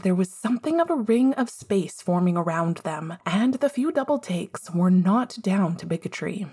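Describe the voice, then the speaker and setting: A woman narrating a fan fiction story aloud in an expressive, measured way. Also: lowish voice, breathy edge. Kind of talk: fan fiction audiobook reading.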